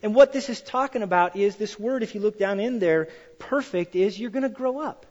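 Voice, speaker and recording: A man preaching a sermon in a church hall, telling stories with animated, acted-out quotes. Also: high voice, brisk. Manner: animated storytelling, acts out quoted voices. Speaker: pastor. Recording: dull sound in a hall with long reverb.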